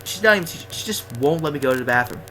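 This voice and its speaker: Chatty guy with a bright voice. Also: a little high, animated, very fast, slight background noise, poor audio. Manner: rambling, self-deprecating, chatty. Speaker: gaming vlogger. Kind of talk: casual storytelling over gameplay.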